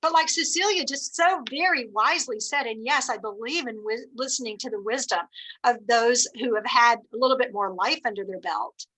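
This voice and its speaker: Middle-aged woman, high voice, bright tone, animated encouraging storyteller, video call. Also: moderate pace, poor audio. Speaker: sales director leading a team meeting. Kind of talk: motivational team meeting talk.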